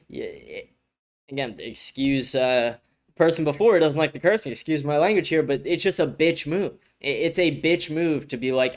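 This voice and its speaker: A man's voice: mid-range voice, fairly bright tone. A man hosting a casual livestream news show, reacting to chat with blunt, profane, filler-heavy talk and frequent restarts. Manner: ranting, talks in restarts.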